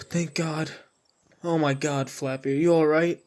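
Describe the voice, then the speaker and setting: A man's voice: a little high, a little mellow, natural voice. A man voicing a young wandering swordsman in a cartoon, earnestly talking to his pet bird. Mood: worried. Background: music.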